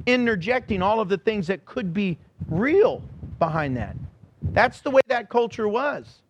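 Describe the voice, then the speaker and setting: A man preaching a sermon in a church, animated and joking, acting out the people he describes. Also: high-pitched, unhurried, slightly rough. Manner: animated, acts out quotes, joking. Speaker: pastor.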